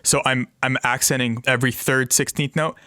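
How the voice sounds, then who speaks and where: A man's voice: mid-range voice, steady tone, normal speed, bright, forceful tone, no echo, studio quality. A man casually explaining guitar practice to a fellow player, often scatting rhythms aloud with "da" syllables. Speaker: guitarist co-host. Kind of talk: casual instructional chat.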